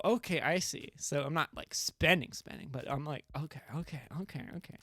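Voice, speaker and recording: A woman streaming a game, talking casually and gushing excitedly, with squeals and swearing. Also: low voice, a little fast, few pauses, dry recording, studio quality, faint music behind.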